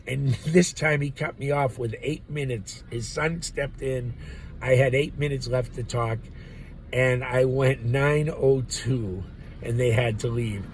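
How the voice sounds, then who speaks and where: A man's voice: medium pitch, steady tone, measured pace, a little hiss or hum, rough recording. A man rambling through a profane, laugh-filled monologue as a vlogger. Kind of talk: ranting monologue.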